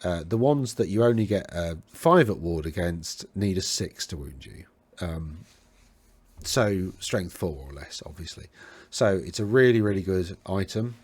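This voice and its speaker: A man's voice: low voice, lively intonation, a little slow, darkish tone, slightly rough, no room sound. A man hosting a tabletop wargame talk, rambling and correcting himself as he browses lists, with a tickly throat. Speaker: host of a tabletop wargame podcast. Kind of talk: casual talk over game lists.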